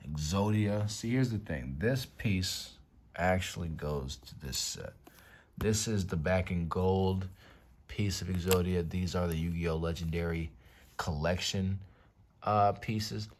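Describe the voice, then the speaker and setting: Deep-voiced dude chilling at home showing off his cards, slangy, swears a bit, whispers sometimes. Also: slow pace. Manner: laid-back slangy talk, swears, drops to whispers over cards. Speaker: YouTube card-collection host. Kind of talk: casual collection showcase vlog. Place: room at home by a window.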